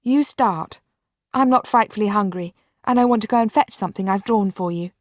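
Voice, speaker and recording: A woman's voice: medium pitch, fairly quick, no room sound, clean studio sound, lightly acted. A woman voicing an anxious, polite young girl in a storybook reading. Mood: eager.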